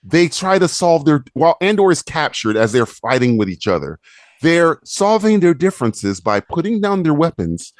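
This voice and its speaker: Brief: male podcast co-host, lively swinging pitch, dry close sound, ranting and swearing. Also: moderate pace, no echo. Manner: animated, profane, mocking with squeaky put-on voices. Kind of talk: casual ranting podcast chat.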